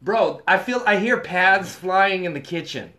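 A young man telling a long, profane story in casual chat, animated and quoting others. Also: sits high, a little slow.

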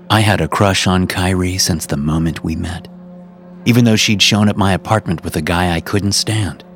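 Deep-voiced male horror story narrator. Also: husky. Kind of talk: scripted first-person narration.

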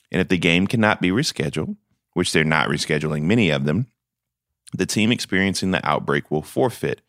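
A man's voice: low-pitched, dry recording, studio quality. A man from South Carolina, hosting a podcast and giving emphatic, folksy opinions before interviewing a guest. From South Carolina, USA. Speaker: podcast host.

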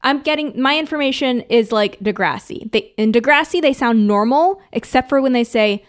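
A woman co-hosting a podcast in casual chat, teasing and quick to laugh. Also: on the high side, expressive. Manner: teasing and giggly. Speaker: podcast co-host.

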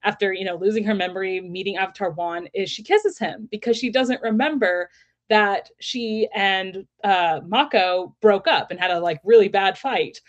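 A woman's voice: mid-range voice, moderate pace, dull audio. A woman co-hosting a casual podcast, retelling events expressively with laughs and quoted lines. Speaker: podcast co-host. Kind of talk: casual chat.

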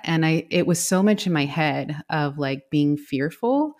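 A woman's voice: deep voice, expressive, a little slow, darkish tone. A woman in her forties, raised in the United States, talking as a guest in an interview in a reflective way, with many fillers and light laughs. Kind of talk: conversational interview.

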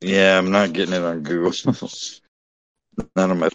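A man's voice: sits low, level tone, moderate pace, no room sound, highs cut off. A man joining a casual podcast stream as a guest, crude, blunt and joking.

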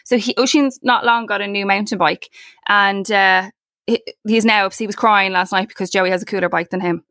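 A woman's voice: medium pitch, fairly even intonation, normal speed, fairly bright tone, no echo, studio quality. An Irish woman in her forties, chatting casually as a podcast co-host, swearing freely and acting out the voices in her stories. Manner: chatty, swearing, acts out quoted voices in anecdotes. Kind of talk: casual chat.

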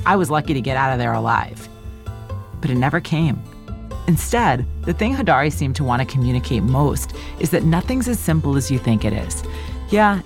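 A host delivering scripted documentary narration in a conversational, wry way. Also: medium pitch.

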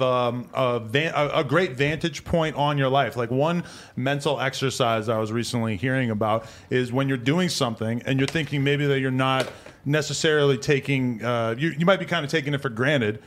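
Measured, reflective man in casual chat. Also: mid-range voice, fairly bright tone.

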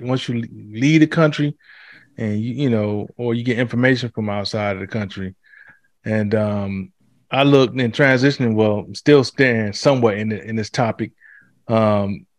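A man's voice: medium pitch, no echo. Guy ranting casually on a podcast, cusses a lot, dry close sound. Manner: animated, swears freely, acts out quotes. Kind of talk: casual chat.

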